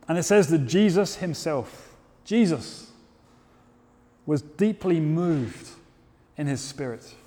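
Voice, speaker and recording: A man preaching a sermon, telling the story in a measured way and rising to loud, emphatic peaks. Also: high-pitched. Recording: long hall reverb.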